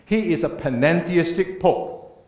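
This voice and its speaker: A man's voice: a little high, unhurried, a little mellow. A man giving an earnest church talk, lecturing emphatically and asking rhetorical questions. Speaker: speaker. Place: church hall. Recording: echoey church room.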